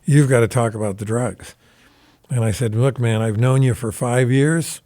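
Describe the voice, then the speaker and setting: Telling casual stories at a moderate pace in a recording studio, this animated older man, a guest guitarist in his 70s, wanders from tale to tale and swears offhandedly. He speaks in a mid-range voice.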